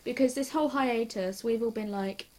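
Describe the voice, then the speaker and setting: A young woman chatting casually and excitedly about a TV episode, giggly and hyper, gushing and rambling from scene to scene. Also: fairly high pitch. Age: young adult. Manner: hyper, giggly and quick to gush. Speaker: TV reaction vlogger. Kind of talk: casual rambling reaction chat.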